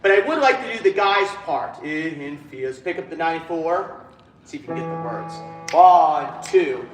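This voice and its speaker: A man's voice: a little high, expressive, moderate pace. A man directing a choir rehearsal, counting in the singers and singing phrases to show them. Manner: counts in and sings phrases to demonstrate. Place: large echoey rehearsal hall. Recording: roomy hall with choir and piano behind. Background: choir singing and instruments.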